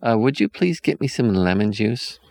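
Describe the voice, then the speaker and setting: A man's voice: lowish voice, expressive, normal speed, gravelly, darkish tone, voice pushed up. A man voicing a bold, clever young girl who speaks in a breezy, matter-of-fact way. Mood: cheery.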